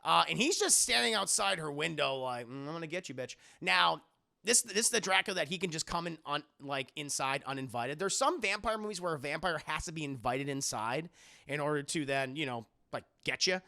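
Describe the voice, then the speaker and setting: A man giving a rambling, profane, animated spoken film recap as a streamer. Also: on the high side, fairly quick, creaky. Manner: rambling, profane, animated, many fillers and restarts.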